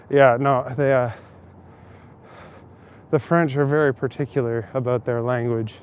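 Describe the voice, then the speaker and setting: A man's voice: mid-range voice, fairly even intonation, unhurried, pauses often, darkish tone. Chatty man streaming while walking outdoors. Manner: chatty, swears casually, laughs often. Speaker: livestreamer. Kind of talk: casual walking livestream chat. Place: city streets outdoors. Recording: faint city traffic noise outdoors.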